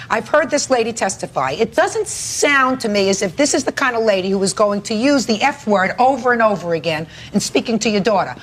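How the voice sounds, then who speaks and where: Blunt, lively-voiced woman judge. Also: medium pitch. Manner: blunt, sharply probing, no-nonsense. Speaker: TV court judge. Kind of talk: courtroom questioning.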